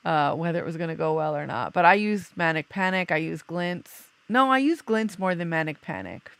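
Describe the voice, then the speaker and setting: Woman podcast host, chatty and loose, easy laugh, gravelly edge, dry close sound. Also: on the low side, lively intonation, moderate pace, fairly bright tone, no room sound. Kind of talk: casual chat.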